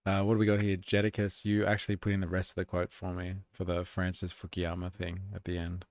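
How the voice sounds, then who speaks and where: Male streamer, very low gravelly voice, dry close sound, casual and sweary. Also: little pitch movement, fairly quick, few pauses, fairly bright tone, no echo. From Australia. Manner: casual, swearing, reading chat aloud. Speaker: live stream host. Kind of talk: casual live stream commentary.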